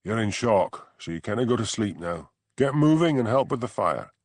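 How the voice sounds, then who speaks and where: A man voicing a calm, dryly ironic Scottish village policeman with a Scottish accent. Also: on the low side, moderate pace, dry recording. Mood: urgent. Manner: cool, dry and gently ironic.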